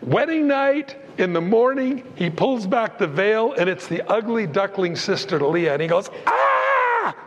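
A man preaching a sermon as pastor, animated, acting out the voices of Bible figures as he goes. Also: high-pitched, normal speed, few pauses, muffled recording. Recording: long hall reverb.

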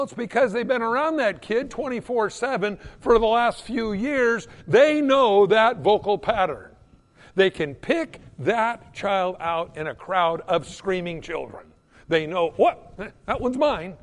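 A male preacher delivering a sermon in a church sanctuary, his high voice leaping up and down in pitch. He talks emphatically, rising to loud peaks and then sinking to a hush. A long reverb from the hall trails each phrase. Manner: emphatic, swinging between loud peaks and hushed drops.

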